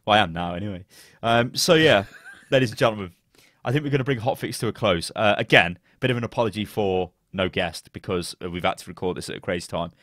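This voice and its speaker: Male co-host, low and animated, casual banter, dry close mic. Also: quick pace, no room sound. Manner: animated, laughing, swearing. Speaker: podcast co-host. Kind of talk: casual gaming chat.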